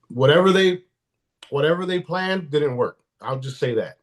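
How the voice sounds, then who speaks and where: A man's voice: a little high, lively intonation, normal speed. A man speaking as a guest in a casual live-stream interview, blunt and profane, often restarting his sentences.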